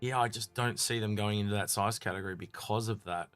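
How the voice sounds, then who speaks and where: Fairly low Australian man, thinking aloud. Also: steady tone, fast talker, fairly bright tone, smooth, dry recording, faint music behind. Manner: hedging, thinks aloud with many fillers. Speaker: podcast co-host. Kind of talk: casual Q&A chat.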